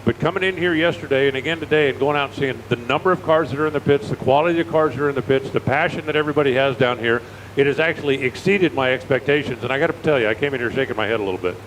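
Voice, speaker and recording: Fast-talking American race commentator. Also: male voice, medium pitch, rough recording. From United States. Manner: chatty, folksy, animated storyteller. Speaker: drag racing commentator. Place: outdoor raceway. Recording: faint outdoor engine noise.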